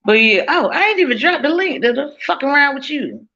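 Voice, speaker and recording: A woman's voice: high voice, sing-song, a little fast, bright, forceful tone, muffled recording. A woman hosting a casual livestream from her kitchen, talking bluntly to her chat, swearing freely and laughing often. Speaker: livestream host. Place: home kitchen, cooking while streaming.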